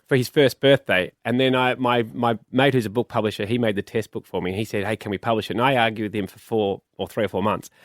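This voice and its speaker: Relaxed Australian man telling stories. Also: lowish voice, quick pace, hardly any pauses, no room sound, studio quality. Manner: relaxed storytelling. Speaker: guest. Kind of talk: casual chat.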